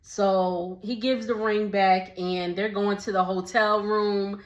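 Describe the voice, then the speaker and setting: A woman's voice: mid-range voice, takes it slowly, dull audio. Chatty woman recapping TV, echoey room. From Texas. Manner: laughs often, animated retelling with voiced quotes. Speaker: recap vlogger.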